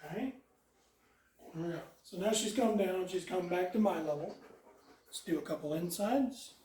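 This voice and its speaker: A dog trainer giving calm instructions while walking a dog, mixing explanations with short praise and commands. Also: medium pitch, normal speed, slight background noise. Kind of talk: hands-on dog training lesson. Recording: roomy sound, mic far off.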